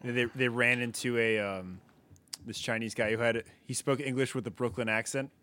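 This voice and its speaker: Relaxed man telling a story with chuckles. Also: medium pitch, normal speed. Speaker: podcast co-host. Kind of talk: casual movie commentary chat.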